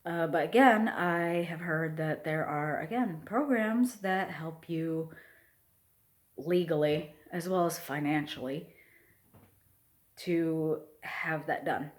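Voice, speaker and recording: A trans man with his pre-testosterone voice, talking slowly and heartfelt in a personal video update, halting with many pauses and fillers. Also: a little high. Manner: soft, heartfelt. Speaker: vlogger.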